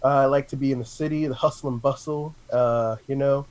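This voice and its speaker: A man's voice: medium pitch, steady tone, brisk, darkish tone. A man chatting casually as a tabletop game player, eager and playful. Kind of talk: casual chat.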